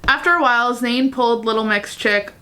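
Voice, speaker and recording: A woman's voice: on the high side, a little fast, pushed and bright. A woman vlogger reading fan fiction aloud in a casual way, breaking off into chatty, giggly asides. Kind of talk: casual reading vlog with commentary.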